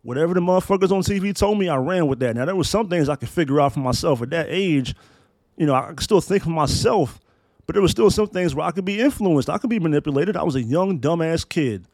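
A man's voice: fairly high pitch, animated, fast, darkish tone, no echo. A man in his thirties hosting a solo podcast, talking in emphatic, profane, preacher-like build-ups. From Maryland, US. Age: 30s. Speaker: podcast host.

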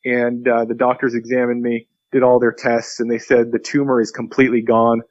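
A pastor being interviewed, telling a long story earnestly and acting out the quotes. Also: male voice, medium pitch, completely flat delivery, fairly quick, no room sound, muffled recording.

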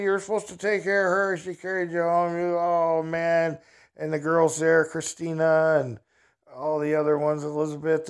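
A man telling a casual personal anecdote in a folksy, rambling way, chuckling at his own story. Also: mid-range voice.

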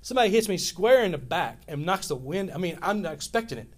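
A fast-talking, high-pitched preacher in his fifties from Louisiana delivers a sermon, spinning stories with animated energy, rambling and restarting repeatedly.

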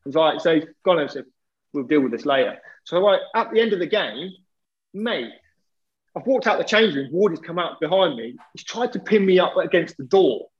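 Guy, pitched a bit high, swearing and chatty, dull lo-fi sound. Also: moderate pace. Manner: animated, laddish, swears freely. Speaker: former footballer guest. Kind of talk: casual storytelling. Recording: dull lo-fi audio.

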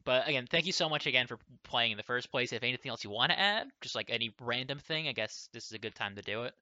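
Young man host, very bright and quick-paced, friendly interview style, dull muffled audio. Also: medium pitch, animated, dry recording. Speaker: interview host for an online game. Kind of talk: casual interview.

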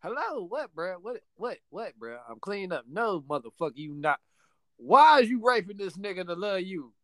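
A man telling a story to friends in a casual chat, slangy, profane and excitable. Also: sits high, moderate pace, dry recording, clean studio sound.

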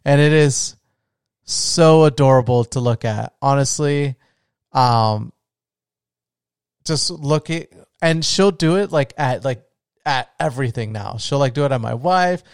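A man's voice: medium pitch, unhurried, clean tone, dry recording, clean studio sound. A young adult man hosting his own podcast, chatting casually and gushing with loose restarts. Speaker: podcast host. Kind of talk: casual solo podcast talk.

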